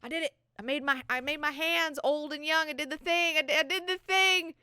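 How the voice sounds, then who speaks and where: A woman's voice: high-pitched, normal speed, sharp tone, dry recording, pitched above the performer's own voice. Woman squealing as a giddy boastful young man. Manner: squealing, swearing, over the top.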